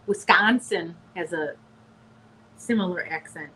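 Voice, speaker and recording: A woman with a Chicago accent co-hosting a casual live chat, chatty and quick to laugh. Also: lowish voice, bright, forceful tone, low-quality recording. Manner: chatty, laughs easily, coos at a pet. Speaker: co-host of a live chat stream.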